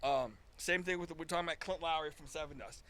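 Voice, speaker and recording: A man's voice: a little high, fast talker, fairly bright tone. A man in his fifties, a guest musician, telling stories in a casual chat, acting out quoted dialogue with frequent restarts.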